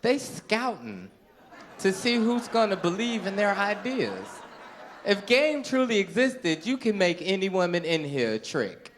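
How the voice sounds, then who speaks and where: Man, stand-up comedian, club stage, handheld mic, animated storytelling, lively pitch. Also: measured pace, some chatter behind. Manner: animated storytelling with acted-out voices.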